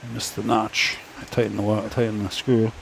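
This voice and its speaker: A man's voice: on the low side, little pitch movement, fairly quick, gravelly, a little hiss or hum. A man casually telling a story while tinkering with a 3D printer, rambling and stop-start, talking to himself as he works. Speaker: 3D printing YouTuber. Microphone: phone.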